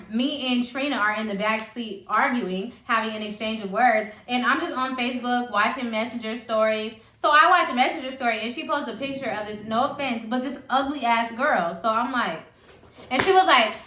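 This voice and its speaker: A woman's voice: fairly high pitch, moderate pace, sharp tone. A young woman telling a story in casual chat, blunt and profane, often jumping in. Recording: echoey room with faint noise.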